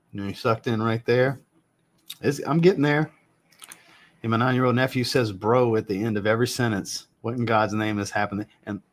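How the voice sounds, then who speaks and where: A man in his thirties hosting a casual live chat about fragrances from home, blunt and joking, and he swears casually. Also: mid-range voice. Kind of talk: casual livestream chat answering viewers. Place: home room with a fragrance shelf.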